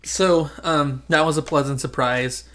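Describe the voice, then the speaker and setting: A man's voice: a little high, fairly even intonation, a little slow, a bit bright. A man from Central California hosting a podcast in casual chat, rambling with lots of fillers and restarts. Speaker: podcast host.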